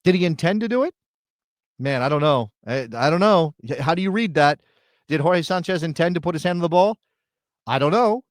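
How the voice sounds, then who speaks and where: A man co-hosting a sports talk show who lays out his arguments deliberately and analytically. He speaks into a studio mic with a dry, close sound. His voice is a little high for a man. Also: expressive, dry recording. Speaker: podcast co-host.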